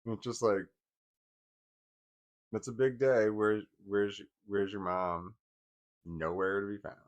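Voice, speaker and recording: A man's voice: fairly low pitch, fairly even intonation, slow, lo-fi sound. Wry man telling a family story. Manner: wry, laughing, trails off into bitter quiet. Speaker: vlogger. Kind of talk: casual personal storytelling.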